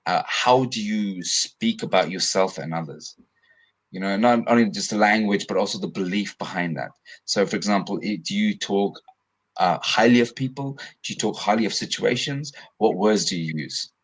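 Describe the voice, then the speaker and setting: A man's voice: on the low side, normal speed, slightly rough, low-quality recording. A male coach, a guest on a webinar, explaining ideas earnestly on a video call and often restarting phrases.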